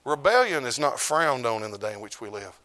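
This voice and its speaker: Middle-aged man as pastor, mid-pitched, preaching sermon, loud bursts and hushed drops. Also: very animated, fairly quick. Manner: swings between loud preaching and hushed, low delivery.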